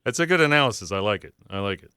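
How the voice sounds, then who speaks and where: A male talk radio host with a bright, forceful voice that sounds crisp and smooth. He chats casually and reads listener messages with running asides. The studio mic sounds close and dry. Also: fairly low pitch, expressive, rapid-fire, no echo. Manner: chatty, reads listener texts aloud with asides. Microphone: studio microphone.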